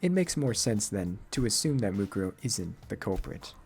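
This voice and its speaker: A man's voice: fairly low pitch, very animated, moderate pace, gravelly, a little mellow, voice pushed down. A man voicing a cold, arrogant rich young man in a clipped, condescending way while reading game dialogue. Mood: haughty. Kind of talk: amateur game voice-over.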